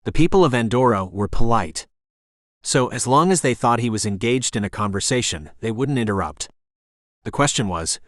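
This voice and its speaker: A male audiobook narrator reading in a measured, expressive way. His voice is on the low side but rises and falls a great deal, captured close with no room sound. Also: dry recording. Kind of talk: scripted narration.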